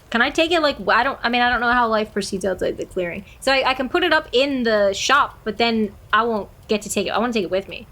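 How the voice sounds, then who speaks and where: A woman's voice: a little high, expressive, fast, few pauses, a bit bright. A woman streaming a game, chatting casually and laughing often. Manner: giggly, chatty.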